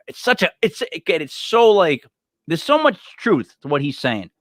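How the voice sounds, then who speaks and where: Excitable man stumbling through wrestling chat. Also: medium pitch, normal speed, no room sound, clean studio sound. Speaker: podcast co-host.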